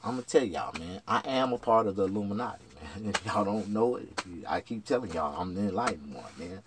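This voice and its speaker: A man rambling through a profane, casual vlog monologue. He jumps from shouted outbursts to low mutters. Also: lively intonation, a little fast, background noise. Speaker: vlogger.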